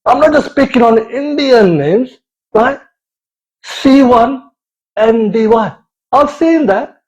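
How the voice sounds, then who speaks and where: A man's voice: extremely high pitch, animated, slow, a little mellow, rough recording. A man doing a playful comic monologue, swearing freely and slipping into accents as he goes. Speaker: comedian.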